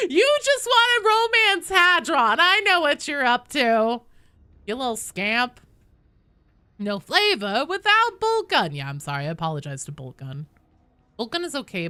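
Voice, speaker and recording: A woman game streamer in casual live-stream chat, animated and candid, laughing often and swearing casually. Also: sits low, no echo.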